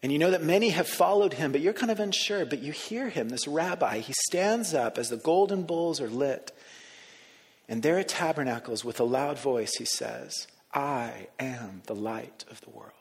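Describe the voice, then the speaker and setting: Guy preaching a sermon, bit high voice, goes hushed then loud, big echoey church hall. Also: expressive, normal speed. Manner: conversational guided imagining, swings between soft hushed lines and raised emphasis. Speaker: pastor. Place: church sanctuary. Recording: long reverb of a large hall.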